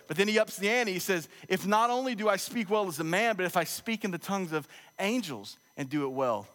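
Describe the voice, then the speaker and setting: A man's voice: high voice, lively intonation, brisk, fairly bright tone. Preaching man in a big echoing hall. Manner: conversational, humorous storytelling preacher. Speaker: pastor. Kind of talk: sermon. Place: church sanctuary. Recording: long echo of a large church hall.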